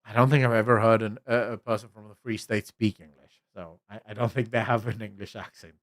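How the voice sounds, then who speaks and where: A man's voice: on the low side, little pitch movement, fairly quick, fairly bright tone. Blunt man streaming. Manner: blunt, rambling, with many fillers and restarts. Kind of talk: casual opinionated livestream chat.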